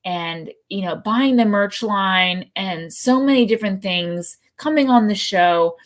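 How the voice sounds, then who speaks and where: A woman co-host chatting on a live stream in a loose, animated way, swearing freely as she tells her stories. Her pitch sits in the middle range for a woman. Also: unhurried. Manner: animated, profane storytelling. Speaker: podcast co-host. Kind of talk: casual live-show chat.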